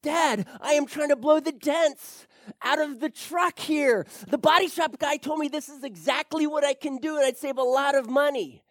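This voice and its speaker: A man voicing an excited young son pleading with his father in an eager, insistent way during a sermon story. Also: very high-pitched, normal speed, no room sound, clean studio sound, voice pushed up.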